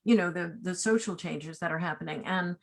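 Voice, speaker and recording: Rambling, lower-voiced woman in her sixties. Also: fairly quick. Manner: animated, rambling, many asides and tag questions. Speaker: casting director, guest. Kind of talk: remote interview, personal storytelling.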